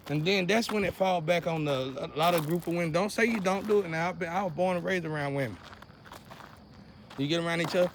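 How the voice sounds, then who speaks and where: A young man, ranting to camera in a preachy, repetitive way that swings between loud outbursts and low muttering. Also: vocal fry, slight background noise. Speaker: vlogger. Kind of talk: casual rant to camera.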